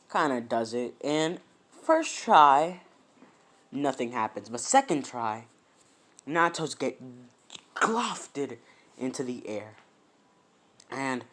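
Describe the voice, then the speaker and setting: A man narrating a fan story he makes up as he goes. He rambles, fills pauses with um and uh, and corrects himself mid-sentence in a loose, casual way. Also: mid-range voice, fairly bright tone. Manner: rambling, many fillers and self-corrections.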